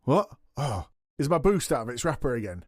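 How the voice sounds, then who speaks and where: A man's voice: mid-range voice, big pitch swings, no room sound, studio quality. A man playing a dim, boastful wrestling champion on a comedy podcast. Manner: dim-witted, boastful, quick to laugh and swear. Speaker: comic co-host in character as a wrestling champion. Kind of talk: scripted comedy podcast dialogue.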